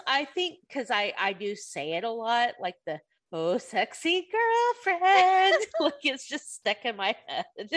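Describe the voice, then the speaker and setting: A woman with a lively, swooping voice that jumps up and down her range, pitched a touch high. She chats among friends with bubbly energy, throwing in quoted movie lines. The talk is loose and conversational. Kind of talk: casual chat.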